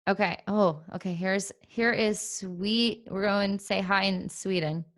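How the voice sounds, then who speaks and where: A woman's voice: medium pitch, steady tone, a little slow, a bit bright. Playful woman hosting a casual chat. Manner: playful, laughs often, thinks aloud. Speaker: podcast host.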